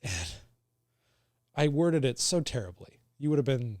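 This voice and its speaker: A man's voice: medium pitch, lively intonation, darkish tone, no room sound, studio quality. Earnest man retelling a hard morning. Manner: earnest, halting, with many restarts. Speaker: guest sharing his story. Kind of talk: casual conversation.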